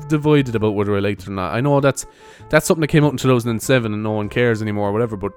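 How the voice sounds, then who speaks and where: A man's voice: mid-range voice, a little mellow. Rambling man hosting a podcast. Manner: rambling, swearing, laughs at own jokes. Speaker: podcast host; comedian. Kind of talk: casual solo podcast chat. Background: faint music and church bells.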